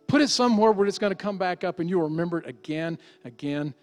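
Earnest high-voiced male pastor preaching. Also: expressive, fast, soft background music. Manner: earnest, pleading, rising to emphatic exhortation then dropping soft. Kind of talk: sermon.

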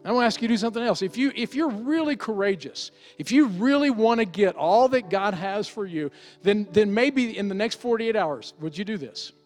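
A middle-aged male pastor delivering a sermon with a fairly high voice. He pleads earnestly, pushing up into emphatic urging and then sinking low and soft. Faint music plays underneath. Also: animated, brisk.

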